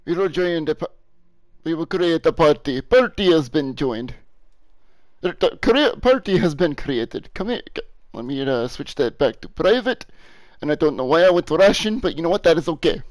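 A young man chatting through a live game stream in a high, light voice. He rambles, cracks jokes and swears freely as he plays. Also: animated, moderate pace, no echo, rough recording. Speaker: gaming streamer. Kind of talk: casual live-stream commentary.

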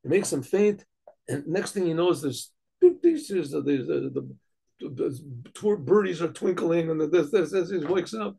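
Gravelly rabbi telling a dramatic story. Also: male voice, on the high side, a little slow. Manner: animated, with many restarts and throat-clearing.

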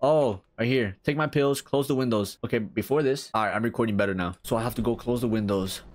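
A young man streaming a horror game, reacting with crude, excitable commentary and reading on-screen text aloud. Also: mid-range voice, quick pace. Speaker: gaming streamer.

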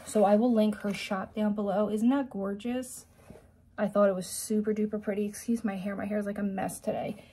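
A woman vlogger chatting casually at home, gushing and rambling as she shows off her purchases. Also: mid-range voice. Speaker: beauty vlogger. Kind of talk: casual chat. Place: home, indoors.

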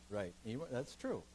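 A man's voice: medium pitch, a little hiss or hum, poor audio. A man, a pastor, leading a seminar in a church meeting room, teaching emphatically and taking questions. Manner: emphatic, animated teaching that takes listeners' questions.

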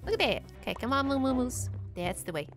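Female gameplay host, high lively voice, cutesy and excitable, music bed. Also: fast. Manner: bubbly, coos baby talk at animals. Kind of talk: casual gameplay commentary. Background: background music.

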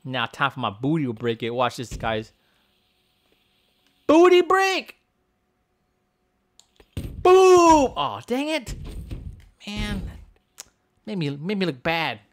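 A man's voice: mid-range voice, lively intonation, unhurried, pauses often. A man doing a bragging goofy strongman. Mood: rowdy. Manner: bragging, shouty, childish jokes. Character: boastful goofy male strongman destroying buildings. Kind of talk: comedic game character voiceover.

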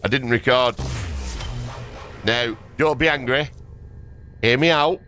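A man's voice: mid-range voice, takes it slowly, pushed and bright, soft background music. A young man, rambling and swearing casually through gameplay commentary at his desk. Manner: rambling, sweary and self-mocking. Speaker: gaming video creator. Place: home desk. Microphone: dynamic microphone at a desk.

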